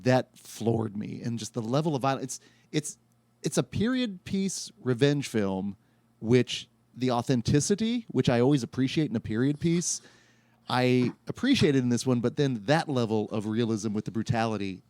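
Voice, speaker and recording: A man hosting a film podcast, speaking casually and in a measured way, putting questions to his guests. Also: medium pitch, lively intonation, a little mellow, no room sound. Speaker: podcast host.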